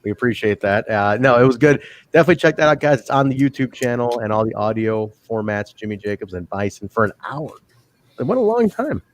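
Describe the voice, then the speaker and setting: Laid-back guy hosting a wrestling podcast, chuckles a lot, mid pitch. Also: big pitch swings, fast. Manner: laughs often, quotes others in put-on voices. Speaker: podcast host. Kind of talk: casual chat.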